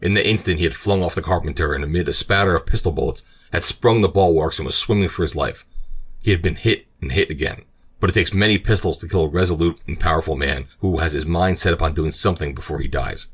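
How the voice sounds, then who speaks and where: A man narrating an adventure audiobook in a steady, measured way. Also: sits low, slightly rough. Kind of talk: scripted narration.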